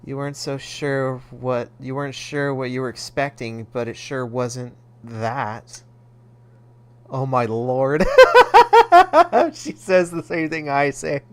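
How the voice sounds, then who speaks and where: A man's voice: medium pitch, slow, smooth. A man commentating on a game, laughing often and exclaiming in shock, reading narration aloud. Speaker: let's play gamer.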